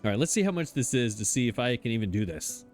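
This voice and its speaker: Guy rambling thru his city builder, laughs at himself a lot, mid pitch, soft game music under him. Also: very animated, quick pace. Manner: chatty, self-mocking, laughs often. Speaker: let's play host. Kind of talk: casual gameplay commentary.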